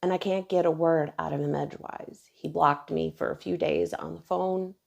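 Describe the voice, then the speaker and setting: A woman's voice: sits low, steady tone, moderate pace, creaky, muffled recording. A woman in her thirties earnestly telling a personal story on her own channel. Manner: earnest, emotional retelling, quoting others softly.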